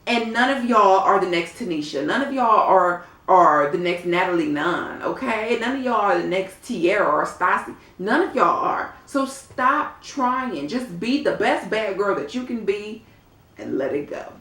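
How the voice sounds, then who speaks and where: A woman casually reviewing a reality TV episode, animated and sassy, talking straight to her viewers. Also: mid-range voice, moderate pace. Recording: roomy echo.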